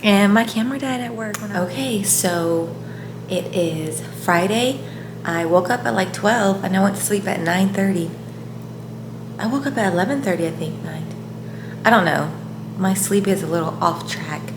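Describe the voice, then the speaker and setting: Young woman, nurse vlogging, excitable and giggly, mid-range voice over a noisy recording. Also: moderate pace, roomy sound. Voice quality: giggly and excitable, voice jumps high when moved. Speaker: night-shift hospital nurse. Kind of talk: casual vlog to camera. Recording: noisy background hiss.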